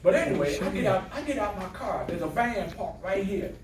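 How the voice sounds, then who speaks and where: An older man gives a motivational talk to a classroom of adult students, his high voice very animated and a little fast. He tells stories, voices the characters in quotes, and jokes with the audience, picked up from a distance in an echoey room with background noise.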